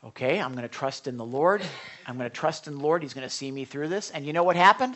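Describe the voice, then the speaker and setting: A middle-aged man preaching to a small group, telling a personal story with sudden hushed whispers. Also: on the high side, quick pace, a little hiss or hum. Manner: animated storyteller, drops to hushed whispers for inner thoughts. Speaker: pastor.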